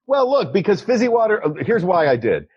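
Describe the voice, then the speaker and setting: A man co-hosting a comedy podcast from his home, arguing his points in a playful, deadpan way. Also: high-pitched, fairly quick, husky, no room sound, muffled recording. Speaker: podcast co-host. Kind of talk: casual chat. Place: his home, recording remotely.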